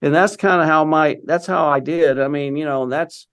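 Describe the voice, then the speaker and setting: A man's voice: a little high, steady tone, normal speed, a bit bright, clear, resonant tone. An older man, an interview guest, recounting a story in a rambling conversational way, peppered with "you know".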